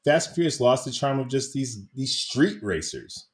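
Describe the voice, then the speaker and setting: A man talking about films in a relaxed chat with friends, with a lively voice that swings up and down. He laughs a lot and slips into little acted-out quotes. His pitch sits in a middle range. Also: moderate pace. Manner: animated, laughs often, acts out quotes. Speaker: podcast co-host. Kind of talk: casual movie review chat.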